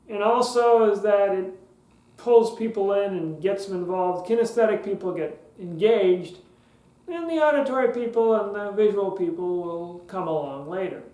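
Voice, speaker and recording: A man's voice: sits high, darkish tone, roomy sound, low-quality recording. A man hosting a podcast lesson on public speaking, talking in a conversational way with joking asides.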